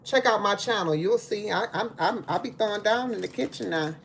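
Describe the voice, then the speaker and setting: A woman's voice: mid-range voice, fairly quick, creaky, a little hiss or hum. A woman hosting a casual live cooking stream in her home kitchen, chatting to viewers and calling them "baby" and "y'all". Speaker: livestream host.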